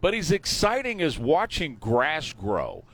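A man hosting morning talk radio in a studio, joking and animated, often repeating phrases. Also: on the high side, a little slow. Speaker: radio talk show host. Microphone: studio microphone.

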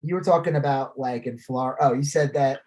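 A man co-hosting a podcast, talking in a blunt, animated, rambling way with plenty of swearing. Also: mid-range voice, quick pace, low-quality recording. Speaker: podcast co-host. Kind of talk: casual political chat.

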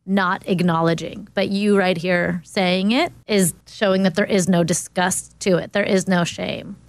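A woman's voice: lowish voice, fairly even intonation, unhurried, no room sound. A woman in casual conversation, speaking in an encouraging, supportive way. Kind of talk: casual chat.

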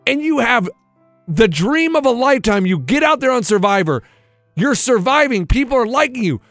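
A man with a high voice tells a story in incredulous, animated studio banter. He sounds close and dry in a radio studio, with faint music underneath. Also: moderate pace, dry recording. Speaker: radio show cohost.

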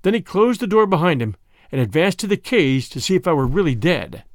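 A man narrating a dark first-person story in a measured, vivid audiobook style. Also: fairly high pitch, big pitch swings, no echo, clean studio sound.

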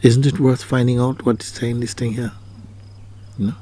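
A man's voice: mid-range voice, flat delivery, normal speed, warm tone, breathy edge. A man giving a spiritual talk as a teacher, asking probing questions and often repeating his phrases. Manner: questioning, repeats phrases, acts out quoted people.

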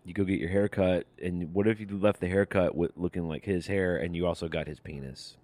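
Deep-voiced man with dry wry humor. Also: fairly even intonation, brisk, a little mellow, no echo. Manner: dry, wry, absurd asides. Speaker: podcast co-host. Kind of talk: casual comedic chat.

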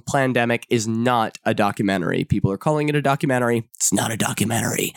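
A man delivering a sarcastic, profane commentary monologue, jumping into high mock-dramatic tones to mock what he describes. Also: clean tone, no echo, clean studio sound. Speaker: online commentator.

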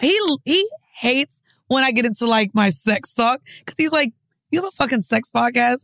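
A woman's voice: fairly high pitch, animated, moderate pace, fairly bright tone, dry recording. A woman co-hosting a podcast, talking in blunt, slangy, swearing casual chat. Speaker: podcast co-host.

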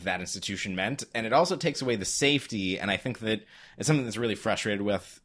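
A man with a bright, clear tone co-hosts a casual podcast chat. He talks things through analytically, often restarting his sentences. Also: fairly low pitch, quick pace. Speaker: podcast co-host.

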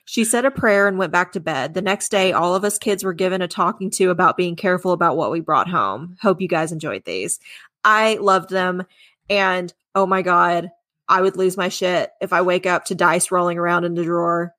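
A woman's voice: fairly low pitch, moderate pace, a bit bright, no room sound, clean studio sound. A woman co-hosting a casual podcast, reading listener stories and chatting, laughing often and swearing casually. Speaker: podcast co-host.

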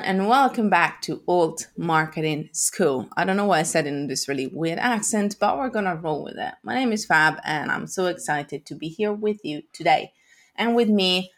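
Chatty podcast host woman, low voice. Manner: chatty, upbeat, rambling with restarts. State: over-caffeinated and tired. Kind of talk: casual podcast chat.

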